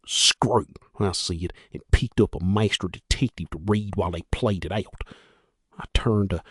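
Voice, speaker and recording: A man reading a story aloud in an expressive, conversational way. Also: lowish voice, slightly rough, dry recording, studio quality. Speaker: audiobook reader. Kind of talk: storybook narration.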